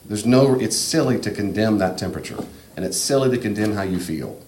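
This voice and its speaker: Deep-voiced man preaching in an echoey room. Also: expressive, fairly quick, a little mellow. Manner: earnest, direct, emphatic. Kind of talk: sermon-style teaching talk. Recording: echoey room, faint ambient noise.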